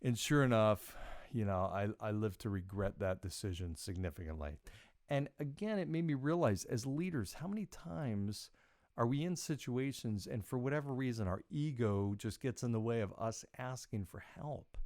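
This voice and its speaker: A middle-aged man hosting a podcast, telling a personal story in a casual, animated way and quoting himself with big jumps in pitch. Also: moderate pace, no echo, clean studio sound. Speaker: podcast host.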